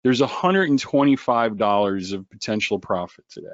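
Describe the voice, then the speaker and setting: A man hosting a live trading webinar, joking and animated as he talks to viewers by name. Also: on the low side, moderate pace, dry recording. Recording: dull lo-fi webinar audio.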